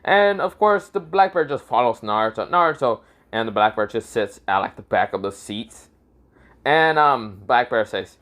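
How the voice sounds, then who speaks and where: Male storyteller, improvised fan fiction, lively pitch, casual and cursing. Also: normal speed. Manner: animated, swearing, laughing often.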